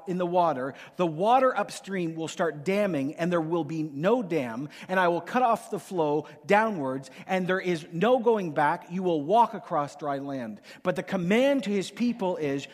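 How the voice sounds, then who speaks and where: A man's voice: high voice, in a large hall. A male pastor preaching with emphatic repetition and playful acted asides in a sermon.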